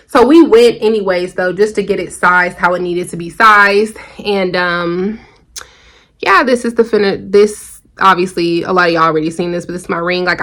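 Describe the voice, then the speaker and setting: Bright-voiced woman vlogger telling a story. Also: medium pitch. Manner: chatty, animated storytelling with lots of fillers. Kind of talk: casual storytelling vlog.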